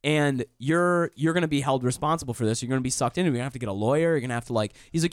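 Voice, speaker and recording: A man tells a story as a comedian guest in a casual chat. His voice sits in a middle pitch and sounds dry and close to the mic. He swears freely and leaps up in pitch when he acts out his own lines. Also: very fast, few pauses, no echo. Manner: animated, profane, jumps up in pitch when quoting himself.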